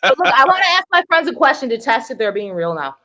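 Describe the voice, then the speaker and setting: Argumentative woman with a high voice that leaps up and down as she rants. She swears freely and cuts others off with shouted commands, holding the floor in a heated livestream debate. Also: sing-song, quick pace, a crowd in the background. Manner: combative, profane, shouting people down.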